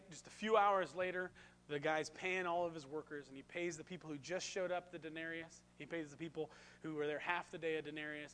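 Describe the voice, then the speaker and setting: A man preaching a sermon in a fairly high voice. His delivery is animated, with asides and questions to the congregation. A faint hum sits under the recording. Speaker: pastor.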